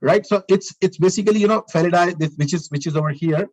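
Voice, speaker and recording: A male instructor leads a live online lesson, walking through markup step by step. His voice sits a little high. He restarts his phrases often and checks in with the class as he goes. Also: fast talker, darkish tone, highs cut off. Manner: talks through steps while working, repeats phrases, asks the class questions. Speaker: lecturer. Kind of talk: live online coding lecture.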